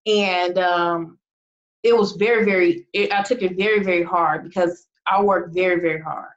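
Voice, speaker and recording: A woman's voice: on the low side, steady tone, normal speed, muffled recording. A woman coaching her team in an emphatic, fired-up motivational talk full of rhetorical questions. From United States. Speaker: team leader and business coach. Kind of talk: motivational talk to an online group.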